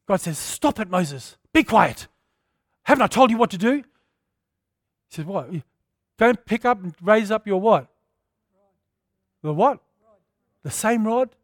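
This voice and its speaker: A man preaching a passionate sermon, rising to loud declarations and dropping to quiet storytelling. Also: high voice, no room sound, studio quality. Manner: impassioned preaching, swinging between loud declarations and hushed storytelling.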